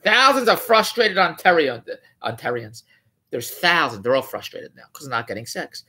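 A man's voice: fairly high pitch, big pitch swings, moderate pace, pushed and bright, husky. A man riffing in a rambling, mocking way on a news article, often correcting himself. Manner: rambling, digressive, self-correcting; incredulous, mocking. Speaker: vlogger.

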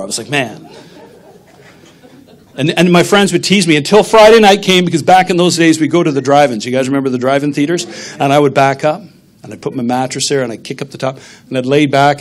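A man's voice: fairly high pitch, brisk. A middle-aged man, a pastor, preaching a sermon in a conversational, humorous storytelling manner.

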